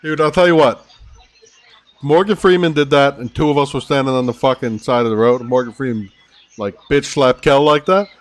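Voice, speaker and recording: A man's voice: medium pitch, moderate pace. A man co-hosting a live fight betting stream, chatting casually with rambling, profane anecdotes. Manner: laid-back, rambling anecdotes with swearing.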